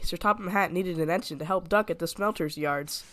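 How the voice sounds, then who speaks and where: A man narrating a children's story with a steady, expressive reading. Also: fairly high pitch, a little fast, hardly any pauses, soft background music.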